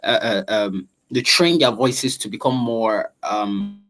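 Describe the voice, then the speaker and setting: Man, voice coach; velvety tone, drawn-out explanatory delivery in an online session. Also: lowish voice, lively intonation, a bit bright, poor audio. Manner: explanatory, drawn-out, filler-heavy. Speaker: voice-over coach. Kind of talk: online class talk.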